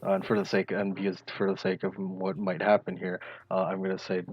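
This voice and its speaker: Man, game master, very deep voice, husky, halting narration, dull lo-fi sound. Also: completely flat delivery. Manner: hesitant, filler-heavy narration.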